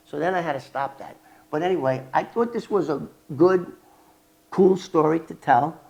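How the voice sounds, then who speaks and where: An older man vlogging about his past as an informant, telling it in a rambling, animated way with restarts and fillers. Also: normal speed, vocal fry, highs cut off. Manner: animated, acts out quoted dialogue with sharp jumps in pitch and loudness. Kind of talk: casual storytelling vlog.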